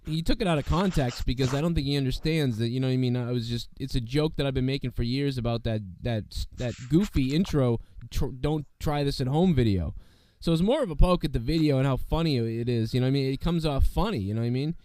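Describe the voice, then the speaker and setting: A man hosts a casual wrestling chat, rambling with lots of fillers. His voice is worn from being sick, yet its tone stays smooth. He is recorded dry and close. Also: medium pitch, fast talker, few pauses, mellow, dry recording. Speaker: wrestling podcast host.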